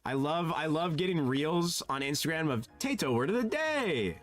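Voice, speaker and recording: A man streaming a game, chatting casually and sounding animated and flustered, his voice jumping high and dropping low. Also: moderate pace, faint music behind. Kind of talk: casual live-stream chat.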